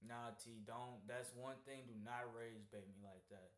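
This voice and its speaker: A man's voice: medium pitch, steady tone, measured pace. A young man chatting casually on a call and telling stories with heavy slang and swearing. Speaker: trading streamer. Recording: echoey room.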